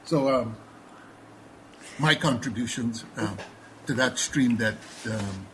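A man's voice: medium pitch, slow pace, slight background noise, poor audio. A man with a Guyanese accent, a panelist speaking thoughtfully with many fillers and restarts. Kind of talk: panel discussion.

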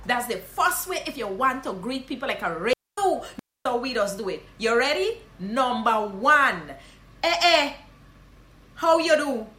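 Bright, high Guyanese woman in an echoey room. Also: a little slow. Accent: Guyanese Creole English. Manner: animated, repeats phrases with loud emphasis. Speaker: vlogger teaching local greetings. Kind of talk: casual instructional vlog.

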